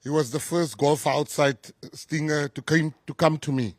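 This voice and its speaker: A man's voice: a little high, fairly even intonation, normal speed, no room sound, clean studio sound. A South African man, a government minister, giving an effusive, emphatic press conference speech full of repeated phrases.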